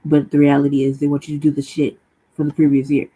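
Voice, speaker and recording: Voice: medium pitch, monotone, fast, dark tone, breathy edge, poor audio. A channel host telling a long personal story in a casual, profane, rambling monologue full of slang.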